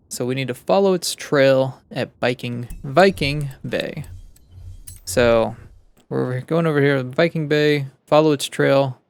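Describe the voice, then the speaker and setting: A man, the host of a gaming channel, giving relaxed gameplay commentary and thinking aloud as he plays. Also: mid-range voice, gravelly. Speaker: gaming YouTuber.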